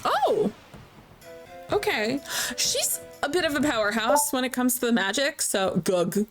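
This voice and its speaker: A woman's voice: high-pitched, sing-song, unhurried. Chatty, giggly woman streamer. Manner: chatty, giggly, swears freely. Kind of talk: casual let's play commentary. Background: faint game music.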